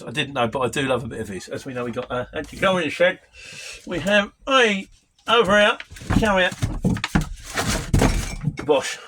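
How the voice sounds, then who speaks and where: A man chatting through a casual Q&A with a lively, swooping delivery. His voice sits a little high and sounds bright and forceful, and he rambles from one opinion to the next. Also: slight background noise. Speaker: vlogger answering viewer comments. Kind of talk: casual Q&A chat.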